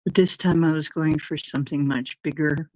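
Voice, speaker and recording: Her voice sits low and warm, with fairly even intonation and a moderate pace, captured in a rough recording without echo. This middle-aged livestream host drifts from subject to subject, reading and reacting to chat comments as they appear.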